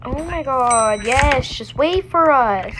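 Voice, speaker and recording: Young woman, sassy, slangy gamer banter, slow drawl, fairly high voice, noisy chat audio. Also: lively intonation. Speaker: gamer playing with a friend. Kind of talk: casual voice-chat gameplay banter.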